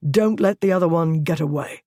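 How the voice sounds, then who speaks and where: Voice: mid-range voice, brisk, mellow, no room sound, studio quality, close to an everyday voice. Narrator playing a stern, menacing duke. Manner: cold, threatening, clipped.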